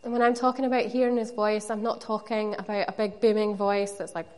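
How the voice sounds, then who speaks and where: A woman's voice: mid-range voice, flat delivery, a little fast, a little mellow. A woman preaching a sermon, earnest and conversational, with playful asides to the congregation.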